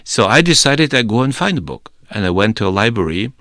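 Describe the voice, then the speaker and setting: A man from the Soviet Union telling his personal testimony, hesitant with many fillers but animated. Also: fairly low pitch, a little fast, no room sound, clean studio sound. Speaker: speaker giving testimony.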